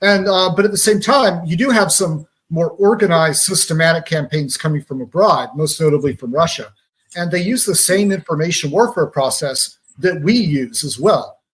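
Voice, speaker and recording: A man's voice: on the high side, normal speed, a bit bright. A man from Georgia, a guest on a radio talk show, explaining things in a conversational, analytical way and using pop-culture analogies.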